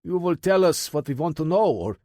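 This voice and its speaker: A man's voice: a little high, expressive, fairly quick, warm tone, no echo, clean studio sound, voice pushed up, lightly acted. A man voicing a menacing male interrogator with a thick Russian accent.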